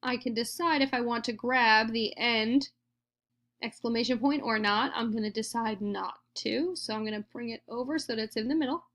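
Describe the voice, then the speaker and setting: A woman's voice: fairly high pitch, moderate pace, fairly bright tone. A woman teacher walking through a screen-recorded tutorial, explaining each step patiently.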